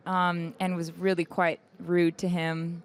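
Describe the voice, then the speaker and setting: Her voice lowish, clear and resonant, a young woman singer is interviewed backstage at an event. She speaks slowly with a level tone, chatting candidly, telling stories and laughing often.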